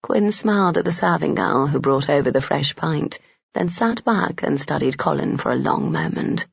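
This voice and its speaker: A man narrates a historical romance in a steady, even storytelling manner. His voice is gravelly and husky, and the recording is dry and muffled with a lo-fi edge. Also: on the high side, moderate pace, no echo. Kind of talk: audiobook narration of a romance novel. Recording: dull lo-fi dry audio.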